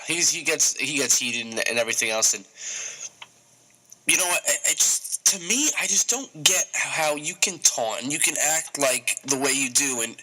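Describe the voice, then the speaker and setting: A young man with a very bright, forceful voice talks sports in a casual radio chat. He gets animated and stumbles over repeated words as he makes his point. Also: on the high side, rough recording. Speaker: co-host.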